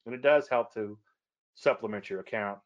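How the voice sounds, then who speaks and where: A man's voice: lowish voice, normal speed. A man giving a casual trading lesson, chatty and rambling, often correcting himself mid-sentence. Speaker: trading educator. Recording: slightly dull lo-fi audio.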